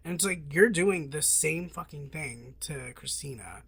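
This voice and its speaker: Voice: medium pitch, measured pace, gravelly, a bit bright, husky. Chatty person laughing through film talk. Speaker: podcast host. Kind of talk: casual film discussion.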